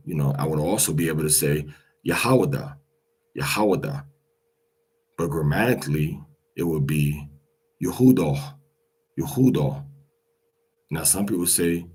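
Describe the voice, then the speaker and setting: A man's voice: a bass voice, warm tone, husky, low-quality recording. A man teaching Hebrew pronunciation in a casual spoken lesson, repeating each word aloud several times. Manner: slow and repetitive, drilling each word aloud with fillers.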